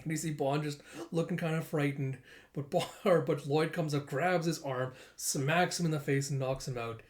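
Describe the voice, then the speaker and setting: A manga reader narrating a comic chapter casually, animated and giggly, reading out sound effects. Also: mid-range voice, moderate pace. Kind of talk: casual comic read-through.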